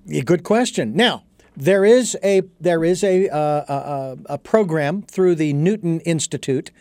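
A man speaks as an interview guest and tells his story in an earnest, thoughtful way. His voice sits a little high. The sound is close and dry. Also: animated, a little slow, dark tone, dry recording. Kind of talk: reflective storytelling in conversation.

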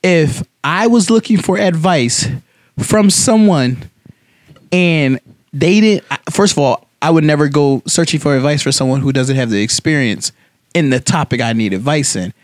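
A young man with a fairly high voice, recorded dry and close, co-hosts a casual podcast. He teases his friends with absurd jokes and argues his points with emphasis. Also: animated, moderate pace, no room sound. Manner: teasing, absurd banter, emphatic when arguing. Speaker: co-host. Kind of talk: casual chat.

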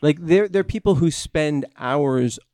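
High-pitched guy on a podcast, really animated, goofing around, dry close sound. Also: unhurried, dry recording. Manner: animated, jokey, mock-indignant. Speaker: podcast co-host. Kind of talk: casual comedic banter.

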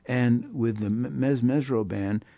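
Gravelly older man telling jazz stories. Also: medium pitch, unhurried, no echo, clean studio sound. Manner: animated anecdotes with voiced quotes. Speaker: guest musician. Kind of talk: storytelling interview.

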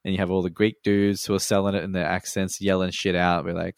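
A man's voice: low voice, level tone, quick pace, vocal fry, few pauses, clear, resonant tone, dry recording. A laid-back Australian man in casual chat, swearing freely and laughing often.

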